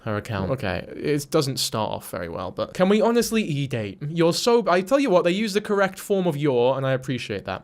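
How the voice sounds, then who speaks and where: A man's voice: a little high, big pitch swings, a little fast, few pauses. Sarcastic young man doing video commentary. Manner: dry, sarcastic, swears freely, rambling asides. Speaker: commentary YouTuber.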